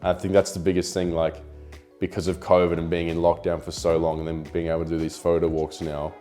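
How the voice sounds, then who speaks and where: In this interview, a young Australian photographer and YouTuber talks fast in a deep voice. He's relaxed and rambling, leaning on "like" as filler and swearing now and then, with faint background music behind him.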